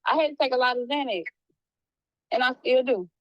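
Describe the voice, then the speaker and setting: A woman speaking as a private investigator in a casual, apologetic conversation, talking in quick bursts with many restarts. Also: high-pitched, no echo, highs cut off. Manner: animated, restarts often, slips into a playful hood voice when quoting.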